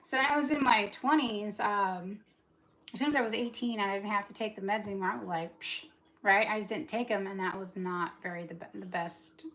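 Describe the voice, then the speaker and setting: A woman's voice: mid-range voice, fairly bright tone. A talkative woman in her forties, rambling through a casual livestream chat while she does dishes and cleans. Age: 40s. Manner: talkative, rambling, fast-talking. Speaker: livestream host.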